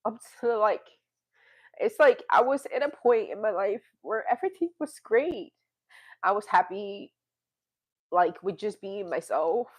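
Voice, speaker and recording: Rambling and confessional, this woman talks to her vlog audience with an animated, unhurried delivery and a slightly mellow, medium-pitched voice. It's a candid casual monologue, broken by occasional sighs, laughter and swearing.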